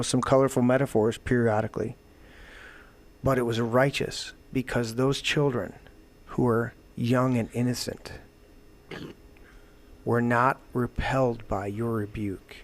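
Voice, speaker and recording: A man hosting a talk show, delivering a heated, profane political rant that swings into loud outbursts. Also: medium pitch. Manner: profane, emphatic, swings to shouting. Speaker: show host.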